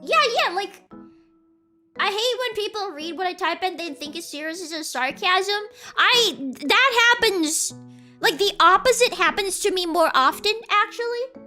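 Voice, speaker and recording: A woman's voice: extremely high pitch, expressive, a little slow, pushed and bright, soft background music. A young woman streamer chatting casually and reading chat, rambling and laughing, insisting with repeats.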